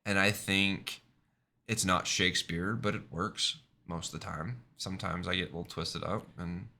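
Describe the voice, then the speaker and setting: Bright-voiced man rambling in casual chat. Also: low-pitched, steady tone, normal speed, vocal fry. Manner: rambling, many fillers and tag questions. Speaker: streamer.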